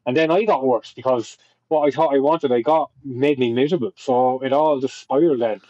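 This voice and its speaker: A young Irish man with a mellow, darker voice tells a personal story in a loose, rambling way. He swears often and keeps restarting his sentences. The sound is dry and slightly dull, like a lo-fi podcast mic. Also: medium pitch, steady tone, a little fast, no echo. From Ireland. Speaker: podcast guest. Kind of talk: casual storytelling.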